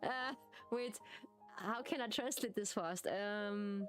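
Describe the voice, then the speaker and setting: A woman streamer with a German accent, a native German speaker chatting casually in English, giggly and halting, often repeating words. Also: mid-range voice, faint music behind. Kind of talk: casual live-stream chat.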